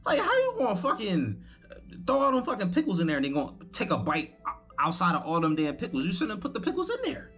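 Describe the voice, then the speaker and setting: A young man hosting a reaction video, cursing his way through a loose, disbelieving running commentary. His voice sits a little high for a man and swings up and down with lively energy. Faint music plays underneath. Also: fast, husky. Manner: profane, rambling, incredulous running commentary.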